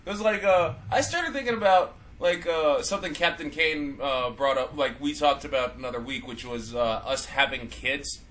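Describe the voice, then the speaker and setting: A man's voice: on the high side, moderate pace, few pauses, fairly bright tone, a little hiss or hum, rough recording. A man co-hosting a casual podcast chat, rambling with lots of fillers and restarts. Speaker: podcast co-host.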